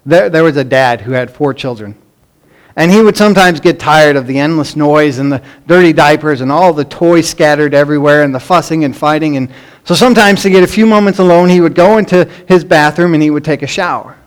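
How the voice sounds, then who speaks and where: High-voiced animated male preacher. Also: a little fast, smooth. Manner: animated storytelling, acts out pleading children in a raised voice. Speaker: pastor. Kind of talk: sermon.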